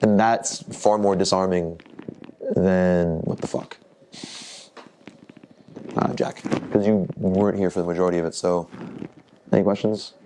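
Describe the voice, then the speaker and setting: A man's voice: sits low, steady tone, normal speed, noisy background. A man teaching a jiu-jitsu workshop in casual talk, restarting phrases and asking the group questions. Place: training room at a camp.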